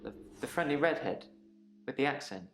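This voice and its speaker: A subdued, regretful game patient. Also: male voice, medium pitch, animated, normal speed, creaky, fairly bright tone, reverberant, faint music behind. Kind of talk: acted video game dialogue.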